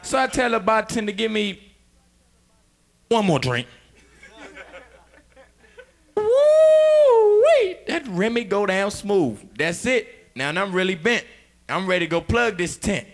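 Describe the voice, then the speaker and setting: A young man doing a loud, rowdy stand-up comedy set, laughing between punchlines. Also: high-pitched, moderate pace.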